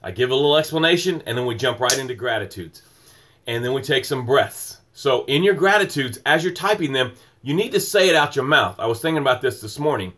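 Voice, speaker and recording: A man's voice: medium pitch, lively intonation, brisk, a bit bright. A middle-aged man hosting a motivational morning livestream, speaking in an emphatic, rhythmic preaching cadence and greeting viewers by name.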